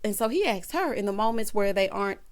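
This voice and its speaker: A woman, talking through a reality show recap. She is sassy and animated, and she slips into changed voices when she quotes people. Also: medium pitch, quick pace. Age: 30s. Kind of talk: casual recap commentary.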